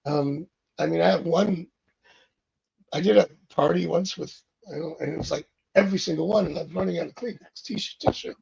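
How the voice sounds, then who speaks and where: A man's voice: on the high side, steady tone, brisk, gravelly, a little mellow, slightly rough, muffled recording. A man talking as a psychic tarot reader in a casual interview, rambling along and acting out the lines of the people he quotes. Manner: rambling, acts out quoted dialogue.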